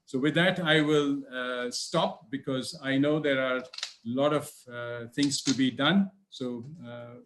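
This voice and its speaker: Man from India, formal policy speaker, quick and emphatic, mid-pitched voice. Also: steady tone, noisy background. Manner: quick, emphatic lecturing delivery. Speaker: speaker at a governance summit. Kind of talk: formal talk on public policy. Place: online video session.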